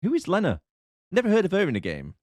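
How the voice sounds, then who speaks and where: A man's voice: sits high, wildly swooping pitch, fast, darkish tone, no echo, clean studio sound. A man co-hosting a podcast, laughing and joking in casual chat. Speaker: podcast co-host.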